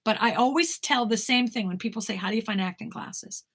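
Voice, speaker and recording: A woman's voice: on the high side, fairly quick, a bit bright. A woman, a talent manager, bluntly answering viewer questions in a casual live Q&A, swearing now and then.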